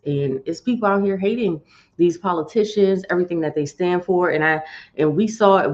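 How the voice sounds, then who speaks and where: A woman's voice: low voice, a little mellow. A woman hosting a live-streamed morning show, chatty and folksy, talking straight to her viewers. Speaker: host. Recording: dull lo-fi stream audio.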